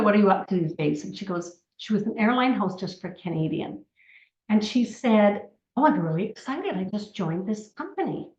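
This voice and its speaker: A woman's voice: mid-range voice, a little mellow. Older woman, sixties, chatty testimony speaker, roomy and slightly muffled sound. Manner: chatty storytelling with many asides. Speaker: network marketing distributor. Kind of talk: personal testimony talk. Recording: roomy, slightly dull recording.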